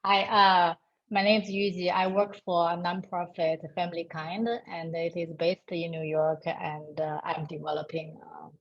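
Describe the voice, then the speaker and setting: A woman who speaks English as a talks on a video call, pausing often and filling gaps with hesitations. Her voice sits fairly low. The call audio is dull and muffled. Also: level tone. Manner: halting, many fillers, laughs often. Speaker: parent educator at a nonprofit.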